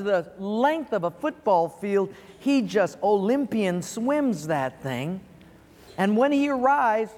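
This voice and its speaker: A man with a high voice preaches to his congregation, drawing listeners in with an earnest story. His sermon fills a large auditorium, and each phrase trails off into a long hall reverb. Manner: earnest, storytelling, chuckles at his own punchline. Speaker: pastor.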